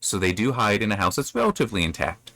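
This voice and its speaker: A man's voice: on the low side, wildly swooping pitch, quick pace, fairly bright tone, no room sound. A man hosting a book review, casually retelling a chapter with loose phrasing, fillers and self-corrections. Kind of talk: casual chapter recap and commentary.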